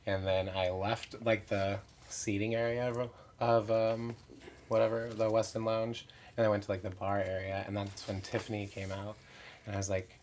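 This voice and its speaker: Chatty drag performer, low voice. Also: male voice, level tone, moderate pace, darkish tone, a little hiss or hum. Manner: chatty, candid, frequent "like" fillers, self-mocking. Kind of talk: casual interview chat.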